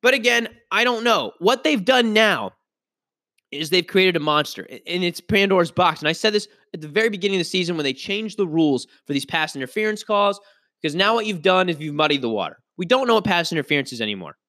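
A man's voice: high-pitched, lively intonation, fast talker, pushed and bright, dry recording, clean studio sound. A man hosting a solo sports podcast, ranting in a frustrated, emphatic way and often restarting his sentences. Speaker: podcast host.

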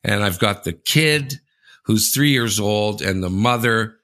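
A man from Canada co-hosting a casual sports podcast, telling an animated story, often calling the host by name and putting on high voices for others. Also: unhurried.

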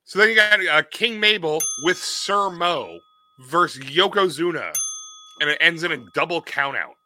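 A man co-hosting a casual podcast chat, sarcastic and animated, swearing freely. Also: a little high, normal speed, poor audio. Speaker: podcast co-host.

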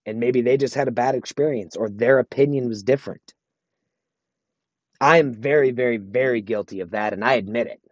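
Solo podcast host, male, mid-pitched, earnest pep-talk delivery; dry, dull lo-fi recording. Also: fairly quick, dry recording. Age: adult, married. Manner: earnest, motivational, repeats himself for emphasis.

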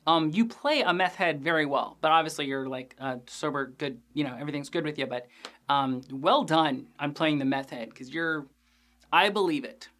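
A young man hosting a podcast, recapping an episode in a casual, animated, jokey way with crude asides and lots of fillers. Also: a little high, normal speed. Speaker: podcast host reviewing a TV episode.

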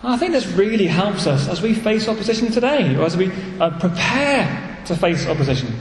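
Animated English preacher in an echoey church. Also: male voice, high voice, brisk, a little hiss or hum. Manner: earnest, animated preaching with repeated phrases. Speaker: pastor. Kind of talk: sermon. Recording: echoey church hall, faint ambience.

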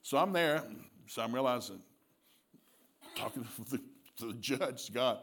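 Male preacher, mid pitch, very lively intonation; storyteller who acts out dialogue and laughs a lot. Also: brisk, slightly rough. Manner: animated storytelling, laughing often, acting out dialogue. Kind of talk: sermon.

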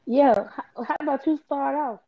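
A woman's voice: high voice, moderate pace, dry recording, muffled recording. A woman co-hosting a casual live stream, shy and self-deprecating about her singing. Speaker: co-host.

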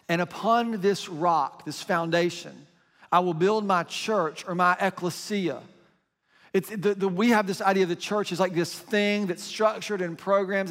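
A man's voice: sits high, fairly bright tone, big-room sound. A man preaching a sermon as pastor, in a conversational style, reading scripture aloud.

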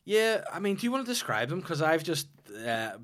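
Forceful, teasing man co-hosting a podcast. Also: fairly high pitch, sing-song. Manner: quick teasing jokes, laughs often. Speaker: podcast co-host. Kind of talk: casual comedic chat.

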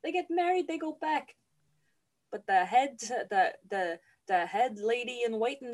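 A woman's voice: on the high side, a little slow. Woman telling a story comically. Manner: profane, animated storytelling. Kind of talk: comic plot retelling.

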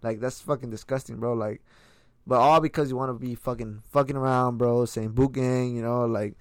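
A man's voice: mid-range voice, fairly even intonation, normal speed, no echo. A young man in casual chat, slangy and profane, calling everyone "bro" as he rants.

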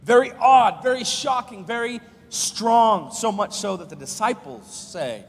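A man preaching a sermon, swinging between loud emphatic bursts and low soft phrases and calling out to the congregation for responses. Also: lively intonation, moderate pace, hardly any pauses, a little hiss or hum. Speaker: pastor. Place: church sanctuary. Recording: live sermon in a reverberant church hall.

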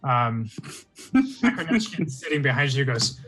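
A man narrating a tabletop game as game master, relaxed and full of fillers. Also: mid-range voice, normal speed, faint music behind, low-quality recording. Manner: relaxed, rambling with many fillers.

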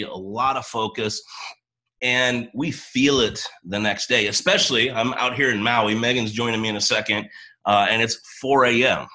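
Excitable male host, bright forceful voice, rambling upbeat coaching talk, morning-voice edge. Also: mid-range voice, poor audio. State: early-morning voice. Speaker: host of a coaching boot camp. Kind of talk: upbeat livestream talk to a team.

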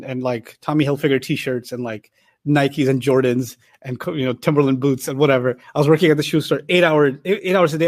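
Guy teaching quran, high voice, chatty storyteller, dry close sound. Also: no room sound. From New York, United States. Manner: animated, conversational, acts out dialogue. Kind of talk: Quran lesson with personal storytelling.

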